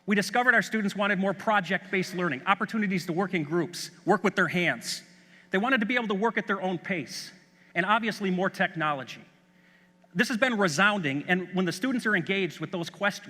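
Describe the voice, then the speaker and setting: A man's voice: high-pitched, sharp tone. A middle-aged man from Chicago, a school superintendent, giving an enthusiastic, story-driven conference keynote in a large hall. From Chicago, USA. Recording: long hall reverb.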